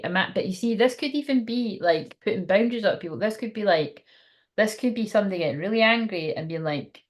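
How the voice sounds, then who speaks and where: A woman's voice: mid-range voice, animated, quick pace. A young woman giving a casual, frank tarot reading on a livestream, laughing often and swearing now and then. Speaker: tarot card reader.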